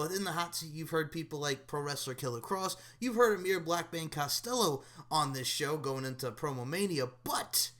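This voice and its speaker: A man hosting a wrestling podcast interview, energetic and casual, swearing freely. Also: on the high side. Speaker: podcast host.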